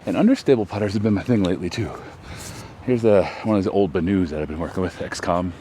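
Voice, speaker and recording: Speaking quickly in a low voice, a vlog host from Texas rambles outdoors about his disc golf throws, chatty and self-deprecating. Background noise can be heard.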